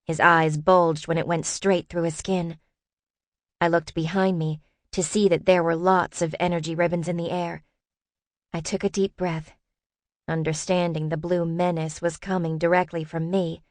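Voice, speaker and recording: A woman narrating a first-person audiobook in a lively, expressive reading. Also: lowish voice, moderate pace, no room sound.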